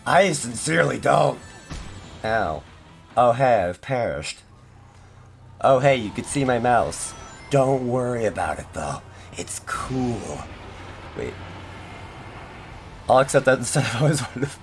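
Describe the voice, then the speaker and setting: Slow, rambling male streamer. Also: medium pitch, sing-song, vocal fry, faint music behind. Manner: rambling, self-deprecating, lots of fillers and restarts. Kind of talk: casual gaming stream chat.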